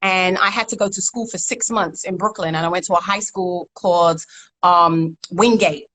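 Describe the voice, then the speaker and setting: A woman in her forties from South London with a South London accent, a guest in a casual interview chat over a video call, telling stories in a lively way, laughing often and repeating words. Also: lowish voice, moderate pace, poor audio. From South London, England. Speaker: interview guest, rap pioneer.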